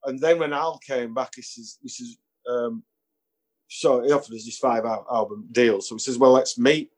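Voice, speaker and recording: A man's voice: mid-range voice, moderate pace, a little mellow, breathy edge. A man, a musician guest telling anecdotes in a casual interview, chuckling and acting out the voices of people he quotes.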